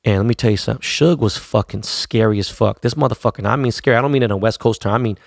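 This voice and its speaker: Gravelly low-voiced man spinning a story. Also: very fast, dry recording, studio quality. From Los Angeles. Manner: loose, profane, street slang. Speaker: DJ telling his story. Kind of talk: casual storytelling.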